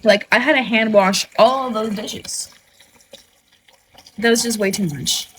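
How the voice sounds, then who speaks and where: A woman's voice: fairly high pitch, a little slow, noisy background. A young woman from the United States, chatting casually on a phone livestream at home, giggly and freely swearing.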